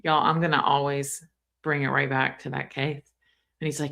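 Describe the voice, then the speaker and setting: A woman's voice: low-pitched, little pitch movement, moderate pace, vocal fry, a bit bright. A woman commenting on a trial on a live stream, chatty and exclaiming, talking straight to her chat. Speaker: true crime commentator.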